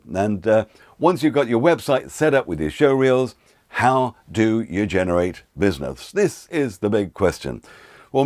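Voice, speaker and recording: A man's voice: on the low side, darkish tone, no room sound, clean studio sound. A man, a voiceover artist teaching an online course in a chatty, encouraging way that speaks straight to the viewer. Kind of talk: casual online course talk.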